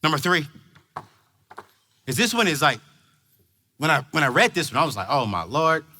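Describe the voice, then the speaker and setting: A man giving an emphatic, preachy stage talk to parents at a large conference, shouting at the high points. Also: big pitch swings, normal speed, a little hiss or hum. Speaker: motivational speaker. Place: large conference hall before a crowd.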